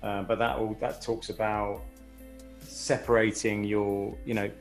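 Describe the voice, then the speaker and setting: Gravelly low-voiced male interviewer. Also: flat delivery, measured pace, soft background music. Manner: rambling questions with restarts. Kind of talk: conversational interview.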